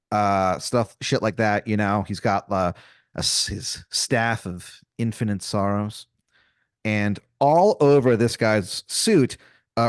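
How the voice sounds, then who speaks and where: A man's voice: on the low side, no echo, studio quality. A man improvising a comedy story on a podcast, casual and profane, rambling with fillers. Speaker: podcast co-host.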